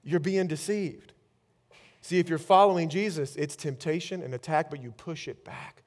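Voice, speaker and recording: Pastor, male, high-pitched, preaching in a church, fervent then hushed. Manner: emphatic preaching, rapid-fire declarations with rising intensity. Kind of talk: sermon.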